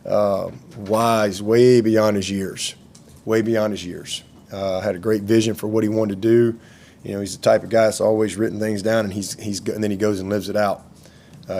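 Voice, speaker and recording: A football coach at a press conference, speaking in a low, gravelly voice that circles back and repeats itself as he talks. A faint hiss sits under the recording. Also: a little mellow. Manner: rambling, repeats words and restarts often. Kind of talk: unscripted press conference answers.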